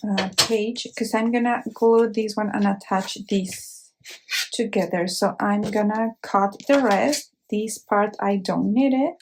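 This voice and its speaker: Woman host, English, crafting tutorial; slightly high voice, unhurried delivery, faint clicks behind. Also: noisy background. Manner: slow, careful explaining with fillers.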